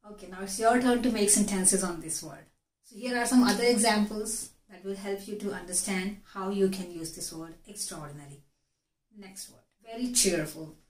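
A woman with an Indian English accent teaching an English vocabulary lesson, explaining slowly and repeating key words. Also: mid-range voice, a little mellow. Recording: echoey room.

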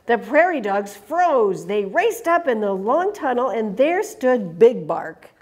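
A woman reading a picture book aloud to children in an animated way, stopping to ask them questions. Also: fairly high pitch, takes it slowly. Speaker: storytime reader.

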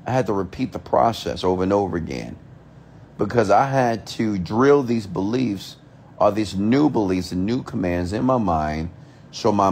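A man's voice: lowish voice, a little mellow, a little hiss or hum. Emphatic man ranting motivationally. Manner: emphatic, repeats himself, asks rhetorical questions; swears casually. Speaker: motivational speaker. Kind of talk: motivational rant.

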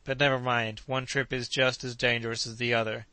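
A man voicing a skeptical, stubborn gentleman hunter in an audiobook. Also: mid-range voice, level tone, fairly quick, smooth, no room sound.

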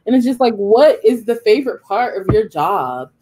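A young adult woman moderating a virtual talk, casual and bubbly, with youthful slang and animated storytelling. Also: a little high, moderate pace. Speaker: session moderator.

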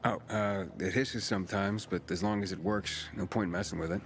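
An actor playing a calm, weary male wanderer in a video game, speaking in an even, reserved way. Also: low-pitched, normal speed. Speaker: game protagonist. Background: game music.

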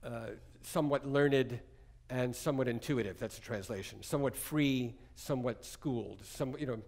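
A man's voice: medium pitch, normal speed, a little mellow. A man giving a conversational, jokey music lecture, often digressing as he explains a piece. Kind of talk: lecture-demonstration on chamber music.

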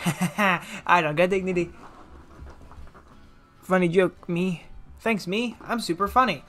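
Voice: medium pitch, slow pace, long pauses, a bit bright, soft background music. A let's play commentator giving casual gameplay commentary, rambling and self-mocking with jokey asides.

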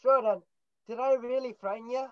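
A woman voicing a small, cheerful male teddy bear who is slightly Irish, polite, chatty and playfully growling, in a high school stage play. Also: steady tone, normal speed, dry recording, highs cut off, close to an everyday voice. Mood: friendly.

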